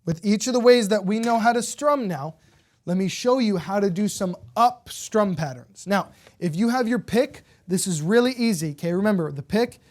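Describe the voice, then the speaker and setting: A woman's voice: mid-range voice, a little mellow. Encouraging woman teaching ukulele. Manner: patient, encouraging, checks in with "okay?" often. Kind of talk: step-by-step music lesson, counting beats aloud.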